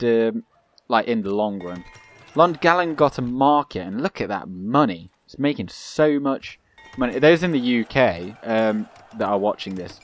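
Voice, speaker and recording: A young gaming channel host with a medium-pitched voice rambles chattily through let's play commentary on a strategy game, laughing now and then. The recording sounds dry and muffled.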